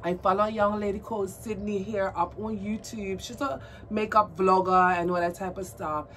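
A woman's voice: mid-range voice, steady tone, normal speed, a bit bright. A woman vlogging a doll unboxing, gushing and squealing with delight as she chats to her viewers. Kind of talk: excited unboxing chat to camera. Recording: distant mic with faint background noise.

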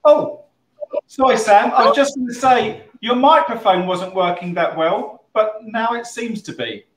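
A man's voice: high voice, animated, measured pace, noisy background. A man on the club team cutting in casually and apologetically to sort out a microphone. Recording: echoey room, voice from far off.

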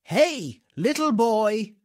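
A man voicing an earnest young man in a storybook, read slowly and clearly. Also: sits high, sing-song, no room sound, clean studio sound, heavily acted. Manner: slow, clear storybook reading. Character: young man, bold and devoted.

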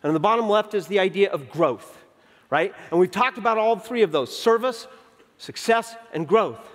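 A man in his fifties giving a conference keynote. He tells stories in an animated way, acts out the dialogue, and slows down to stress key points. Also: high-pitched. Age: 50s. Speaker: keynote speaker. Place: large conference venue. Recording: long reverb of a big hall.

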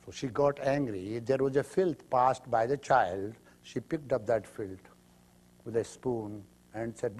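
A man's voice: mid-range voice, unhurried, darkish tone. A man giving a spiritual lecture, telling parables emphatically and acting out the quotes. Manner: emphatic storytelling with acted quotes. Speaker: spiritual teacher.

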